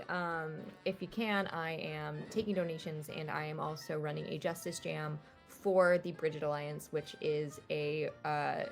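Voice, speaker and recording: A woman with a low, gravelly voice talks through her upcoming shows and a fundraiser in an earnest, chatty way, and closes with a rallying call to keep fighting. Faint music plays underneath her. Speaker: guest player. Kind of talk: casual sign-off plug.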